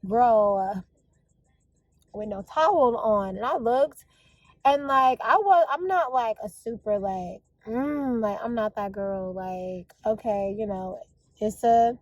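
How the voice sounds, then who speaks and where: A woman's voice: on the high side, takes it slowly, no echo, highs cut off. A woman vlogging in a casual, confessional way, chatty and gushing as she talks to her viewers.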